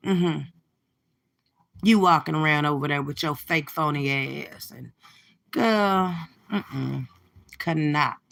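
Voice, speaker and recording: A woman's voice: on the low side, gravelly, fairly bright tone. A woman hosting a casual reaction livestream, delivering profane, sassy trash talk straight to her viewers. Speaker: livestream host.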